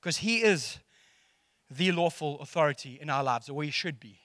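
Animated, jokey South African preacher. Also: male voice, fairly high pitch, normal speed, no room sound, studio quality. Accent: South African English. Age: middle-aged. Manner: animated and jokey, acting out quotes. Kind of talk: casual sermon.

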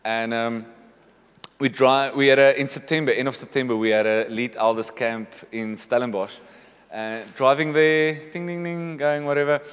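A man in his thirties, speaking in a smooth, mid-range voice with little pitch movement at a moderate pace, shares a confessional testimony from the pulpit of a church hall. He repeatedly asks the congregation "okay?". The audio is dull with a long reverb tail.

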